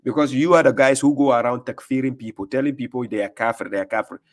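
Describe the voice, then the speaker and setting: A man reacting to video clips as an online preacher, with a mocking, confrontational tone. He fires off rhetorical questions and laughs in scorn. His voice sits at an ordinary middle pitch. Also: fast. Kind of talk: combative commentary on video clips.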